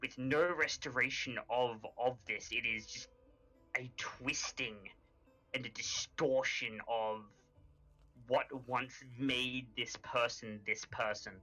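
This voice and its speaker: A man playing his character at a tabletop game, explaining slowly and deliberately with stumbling restarts. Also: mid-range voice, fairly even intonation, bright, forceful tone, faint music behind, rough recording. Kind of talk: in-character tabletop role-play.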